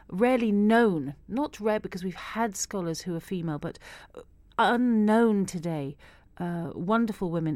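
A woman's voice: mid-range voice, darkish tone, no echo. Woman radio host, dry close mic. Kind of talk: radio talk show hosting.

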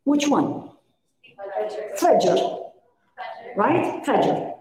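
A woman's voice: sits high, very animated, drawn-out words, darkish tone. A middle-aged woman giving a lecture to a women's class, questioning her listeners and acting out little dialogues. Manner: engaging, questions the audience, acts out dialogues. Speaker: religious teacher. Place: room with a live audience. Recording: echoey room.

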